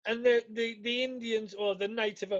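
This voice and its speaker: High-voiced man laughing as he chats. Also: normal speed, dull audio. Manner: laughs often, animated retelling, swears freely. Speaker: podcast co-host. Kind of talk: casual chat.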